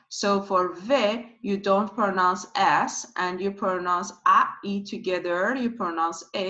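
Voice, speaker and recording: A woman giving a slow pronunciation lesson, who repeats each sound patiently several times. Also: medium pitch, pushed and bright. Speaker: language teacher. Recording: dull lo-fi recording.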